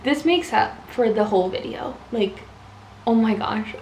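A young woman vlogging an unboxing in a casual, gushing, excitable way, with gasps and squeals. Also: fairly high pitch, a little slow, a little hiss or hum. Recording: echoey room, faint ambience.

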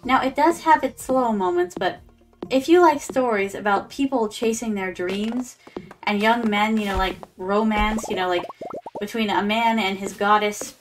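A woman VTuber streams a farming game, chatting casually with viewers, calling them "my darlings," and slipping in Japanese words. Her mid-range voice moves at a moderate pace. Faint music plays behind her.

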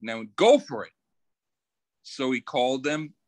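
A man's voice: mid-range voice, sing-song, darkish tone, no room sound, rough recording. A man co-hosting a casual podcast, telling anecdotes and laughing at them. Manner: unhurried storytelling, laughing at his own anecdotes. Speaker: podcast co-host. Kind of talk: casual chat.

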